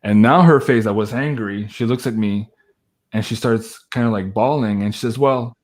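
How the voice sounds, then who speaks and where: A man telling a long personal story in a casual chat, animated, laughing and swearing now and then, with lots of "like" fillers. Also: fairly low pitch, normal speed, a little hiss or hum. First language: French. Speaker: guest storyteller.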